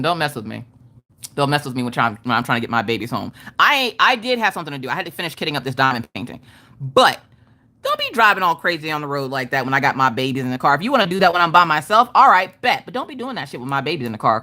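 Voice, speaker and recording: A woman in her thirties with a twang spins a story for her livestream chat. Her pitch swings up and down all the time, and she talks in a loud, emphatic way, often cursing. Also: fast talker. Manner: animated, profane, emphatic storytelling. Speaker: craft livestream host.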